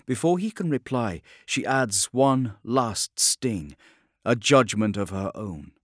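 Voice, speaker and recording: A man narrating an audiobook in a measured, grave storytelling manner. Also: mid-range voice, expressive, dry recording, clean studio sound.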